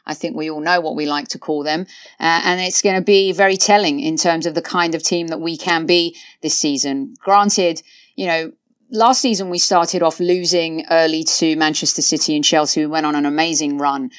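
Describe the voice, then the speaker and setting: A woman's voice: low-pitched, steady tone, normal speed, no echo, studio quality. A woman hosting a football podcast, chatting casually with many fillers like "uh" and "you know". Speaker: podcast host.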